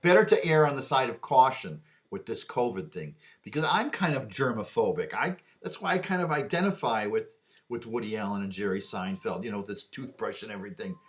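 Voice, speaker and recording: A man's voice: lowish voice, expressive, fairly quick. A man delivering a rambling opinion monologue, often repeating and restarting his words.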